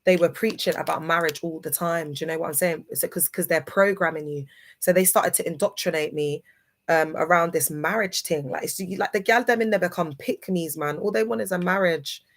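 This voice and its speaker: Speaking a little fast in a lowish voice, a grieving woman livestreamer delivers a casual monologue to her viewers. She's emphatic and preachy, repeatedly asking whether they understand.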